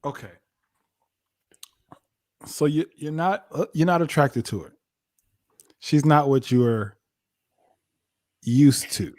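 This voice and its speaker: A man's voice: on the high side, slow pace, long pauses, no echo, clean studio sound. A man co-hosting a casual reality TV recap, animatedly acting out what the people on the show said. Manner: animated, acts out both sides of scenes. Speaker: podcast co-host.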